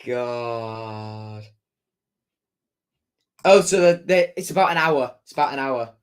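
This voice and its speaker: A man's voice: medium pitch, takes it slowly. A young man hosting a casual football livestream, chatting and reading out viewer comments with jokey asides. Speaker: football fan livestream host.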